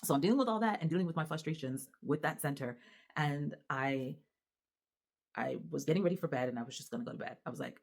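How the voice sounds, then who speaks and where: A mother talking straight to camera in a casual vlog, animated and exasperated, with lots of restarts and fillers. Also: deep voice, fast talker, vocal fry. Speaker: mother and vlogger. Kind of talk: casual venting monologue to camera.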